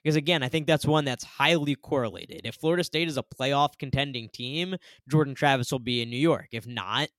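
Smooth-voiced male podcast host. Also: medium pitch, a little fast, few pauses, no echo. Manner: relaxed, talks through his betting picks. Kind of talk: casual sports betting chat.

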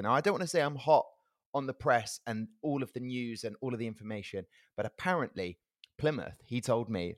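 A man's voice: mid-range voice, fairly bright tone, dry recording, studio quality. A young adult man co-hosting a football podcast, chatty and laughing easily as he tells stories. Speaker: podcast co-host. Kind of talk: casual chat.

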